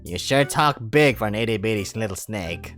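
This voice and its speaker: A man voicing a flustered young male mercenary who startles easily, speaking high and yelping. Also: expressive, normal speed, a bit bright, faint music behind. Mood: puzzled.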